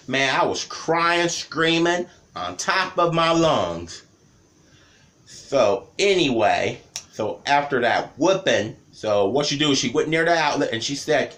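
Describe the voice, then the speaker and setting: A man in his thirties from the Cleveland area tells childhood stories in a casual vlog. He rambles and repeats himself, and his voice rises and falls a lot. His pitch sits in the middle. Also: unhurried. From Cleveland area, Ohio. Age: 30s. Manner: rambling, repeats words, lively telling. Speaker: vlogger.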